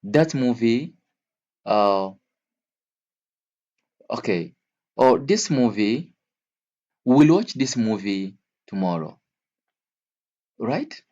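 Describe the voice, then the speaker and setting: A man teaching English vocabulary to learners, speaking slowly and repeating each word and example several times. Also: medium pitch, animated, mellow, highs cut off. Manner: slow, repeats words and examples.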